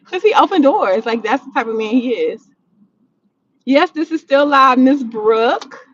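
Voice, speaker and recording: A woman hosting a casual livestream from her car, answering chat in a blunt, animated, slangy way and swearing freely. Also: sits high, measured pace, lo-fi sound, a little hiss or hum. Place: in a vehicle, driving.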